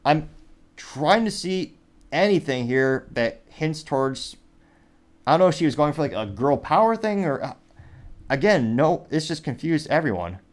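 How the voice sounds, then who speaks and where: A man's voice: a little high, very animated, moderate pace. Man reading out comments dryly. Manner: reads comments aloud with dry asides. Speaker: show host. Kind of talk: commentary on news and social media posts.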